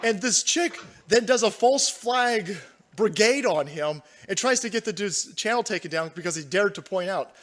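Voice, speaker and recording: A man's voice: high-pitched, expressive, normal speed, a bit bright. A man hosting a livestream, crude and sarcastic, laughing often as he riffs and reads out donations. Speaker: livestream host. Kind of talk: profane livestream commentary, reading donations.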